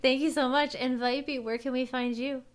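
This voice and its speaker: A woman hosting a casual podcast chat, friendly and quick to laugh. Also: high voice, steady tone. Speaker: podcast host.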